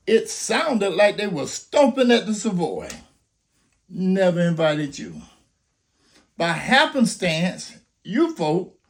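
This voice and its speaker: A man's voice: high voice, gravelly. An older man making an impassioned, preacher-like appeal, full of rhetorical questions and story scenarios. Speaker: grandfather urging people to vote.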